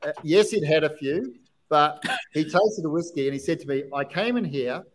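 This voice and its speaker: A man's voice: on the high side, moderate pace, low-quality recording. A man with an Australian accent who hosts a casual podcast chat, talking agreeably and saying "yeah" a lot. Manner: chatty, agreeable, lots of "yeah". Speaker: podcast host.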